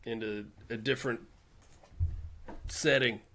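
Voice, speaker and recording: A man co-hosting a comedy podcast, reacting as an animated, agreeable sidekick. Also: mid-range voice, slow, a little hiss or hum. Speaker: co-host. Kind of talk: comic podcast banter.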